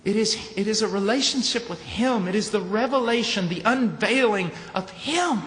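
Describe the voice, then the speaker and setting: A man preaching at a conference, emphatic, ranging from low, quiet statements to shouted points. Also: lively intonation, normal speed, hardly any pauses. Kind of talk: conference sermon. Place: large conference hall. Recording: echoey hall with faint noise.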